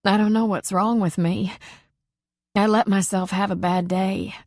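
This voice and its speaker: A woman voicing a grieving young widow who is crying, her voice shaky and high. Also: steady tone, unhurried, darkish tone, no room sound, studio quality. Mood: tearful. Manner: sniffling, shaky, high and breaking.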